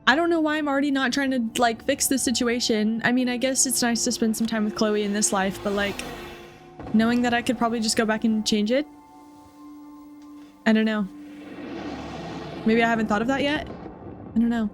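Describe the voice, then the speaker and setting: A woman's voice: fairly high pitch, steady tone, brisk, long pauses, music in the background. A young woman commenting on a game as she plays, rambling and emotional, with many fillers. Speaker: gaming streamer. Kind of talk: let's play commentary.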